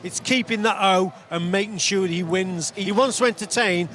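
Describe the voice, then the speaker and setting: A man's voice: sits high, moderate pace, fairly bright tone, slight background noise. A man giving emphatic boxing opinions in a casual studio chat. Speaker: boxing pundit. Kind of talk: casual sports talk.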